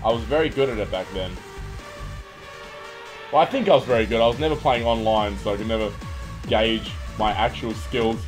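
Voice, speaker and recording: A man's voice: on the low side, normal speed, pauses often, poor audio. Sweary man streaming a shooter. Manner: casual, sweary, yelps when things go wrong. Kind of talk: live gameplay commentary. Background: game music and gunfire.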